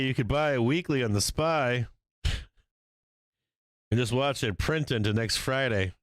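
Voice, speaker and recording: A man hosting a live stock market stream, commenting on trades in a profane, excitable way and laughing often. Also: mid-range voice, takes it slowly, dry recording. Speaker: stock market livestream host.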